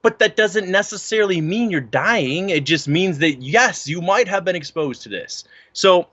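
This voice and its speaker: A man's voice: sits high, moderate pace, dry recording, lo-fi sound. A man co-hosting a casual podcast, chatting and reading articles aloud, tripping over words as he goes. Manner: animated, stumbles over words while reading. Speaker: podcast co-host.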